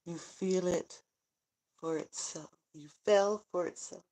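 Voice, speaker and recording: A woman's voice: on the low side, slow pace, dark tone. A middle-aged woman chatting casually on a livestream, joking, rambling and answering viewer comments as she goes. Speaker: vlogger, grandmother. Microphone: phone.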